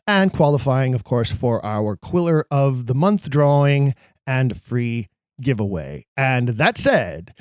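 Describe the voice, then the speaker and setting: A man's voice: medium pitch, takes it slowly, clear, resonant tone, no echo. Upbeat male podcast host, dry sound. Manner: upbeat, promotional, lively delivery. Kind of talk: podcast outro announcements.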